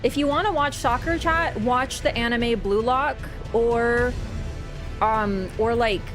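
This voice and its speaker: A woman's voice: a little high, slow pace, over music. A woman streamer in a casual live-stream chat, rambling and swearing as she rants.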